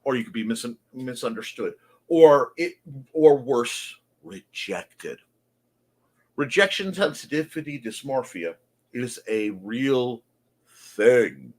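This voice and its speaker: A man's voice: medium pitch, big pitch swings, slow pace. A man hosting a creative morning show, talking earnestly and confessionally in a folksy way. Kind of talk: reflective monologue.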